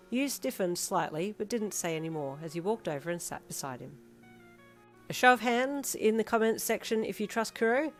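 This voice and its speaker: A woman's voice: fairly low pitch, lively intonation, a little fast, soft background music. A woman narrating a second-person fanfiction story and chatting to viewers at the end.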